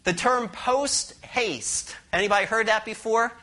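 A woman preaching a sermon, emphatic and questioning, leading the congregation in responses and slowing down to read verses. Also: bright, forceful tone. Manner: emphatic, rising to high passionate stress, slowing to read verses; asks the congregation questions and leads call-and-response.

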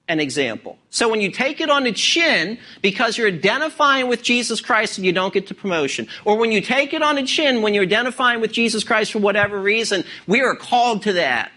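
A man preaching a sermon in a high voice. His tone is bright and forceful, and he leans on key words and fires rhetorical questions at the congregation. He speaks as the pastor of the church. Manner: expository preaching with rhetorical questions and emphatic stresses.

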